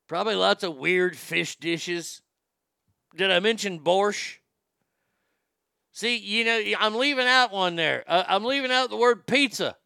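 A man hosting a comedy podcast, delivering an irreverent, rambling monologue with deadpan jokes. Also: high voice, a little slow, gravelly, clean tone, no room sound, studio quality.

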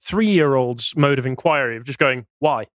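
A man's voice: a little high, lively intonation, brisk, a bit bright, no room sound. A man co-hosting a podcast, chiming in with wry jokes and corrections. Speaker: podcast co-host. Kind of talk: casual podcast banter.

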